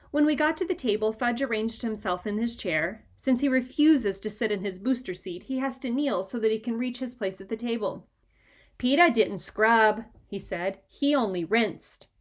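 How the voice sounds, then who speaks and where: Woman, storybook read-aloud, expressive, lively, slightly high. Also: fairly quick. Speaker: reader.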